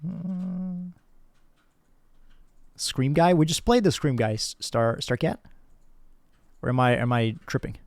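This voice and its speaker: A man's voice: fairly high pitch, slow pace, creaky, long pauses, no echo. Laid-back male streamer chatting with viewers. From Brazil. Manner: relaxed, rambling, thanks chat by name, frequent laughs and fillers. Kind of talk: casual live-stream chat with viewers.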